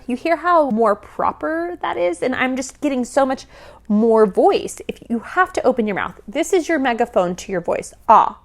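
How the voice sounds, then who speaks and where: A woman vocal coach giving lively, casual reaction commentary, often singing short examples and laughing. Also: high-pitched, normal speed. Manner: animated, demonstrative, sings examples, laughs often.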